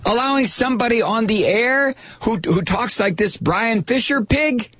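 Talk radio host, male, angry and sarcastic rant, lively swooping pitch, slightly husky, dry studio sound. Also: moderate pace, dry recording.

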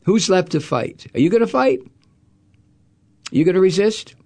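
A man's voice: high-pitched, animated, a little slow, darkish tone. A middle-aged man hosting a talk radio show, ranting about politics in an angry, profane, sarcastic way. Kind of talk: political rant.

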